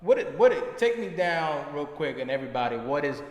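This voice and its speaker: A man's voice: on the high side, very animated, a little fast. A man hosting a podcast interview, chatting casually, laughing often and swearing freely as he tells stories. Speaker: podcast host. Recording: echoey room with long reverb.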